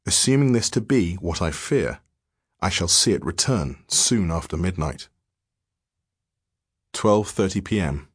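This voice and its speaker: A man narrating a diary-form horror story in a measured, grave manner. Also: deep voice, lively intonation, slightly rough, no echo, studio quality.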